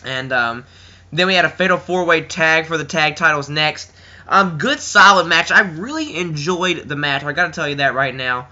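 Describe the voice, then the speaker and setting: A teenage boy talks in a rambling, casual way, full of fillers and restarts. His voice is bright and sits a bit high, and the recording sounds slightly dull and lo-fi. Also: lively intonation, normal speed. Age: teens. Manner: rambling, filler-heavy, acts out quotes in a higher voice. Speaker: wrestling reviewer. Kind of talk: casual chat.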